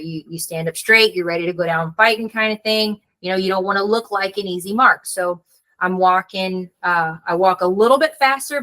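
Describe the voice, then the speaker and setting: A woman with a bright, forceful voice spins an animated tale. She leans on "like" and slips into the voices of the people she quotes. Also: medium pitch, poor audio. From United States. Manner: animated storyteller, acts out quoted voices, frequent "like". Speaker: author, guest. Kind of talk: casual storytelling conversation.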